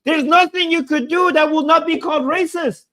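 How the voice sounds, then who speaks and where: A political commentator with an extremely high-pitched, fairly bright voice rants at a moderate pace to his viewers. He is agitated and sarcastic, repeating his points and raising his voice in heated reaction commentary.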